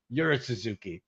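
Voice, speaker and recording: A man's voice: mid-range voice, fairly bright tone, slightly rough. A man co-hosting in casual banter, laughing often and stumbling over restarts as he jokes. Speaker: guest co-host. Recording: dull lo-fi sound.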